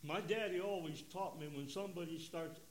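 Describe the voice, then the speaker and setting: A man, preaching an emotional testimony, swinging from loud bursts to hushed tones. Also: fairly high pitch, fairly quick, slight background noise. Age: 70s. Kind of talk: sermon testimony.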